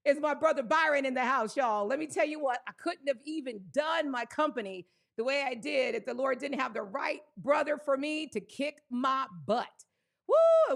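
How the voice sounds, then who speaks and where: A woman hosting a live stream, exuberantly greeting viewers by name with whoops, laughs and shouted shout-outs. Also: sits high, vocal fry. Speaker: livestream host.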